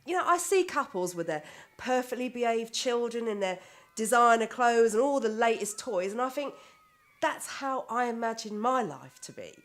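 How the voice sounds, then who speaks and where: Blunt, friendly single mum played by an actress; lively, slightly high voice. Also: female voice, moderate pace, natural voice. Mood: sympathetic. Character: blunt warm single mum of three, homeless. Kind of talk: TV drama acting.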